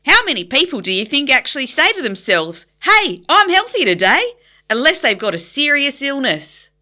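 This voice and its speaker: A broad, chirpy Australian woman who builds spaceships for fun, as a female podcaster puts her on. She has an exaggerated, sing-song Australian drawl and a high, swooping pitch. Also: big pitch swings, normal speed, pushed and bright, full character voice. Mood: mocking. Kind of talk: mock impersonation in a casual podcast.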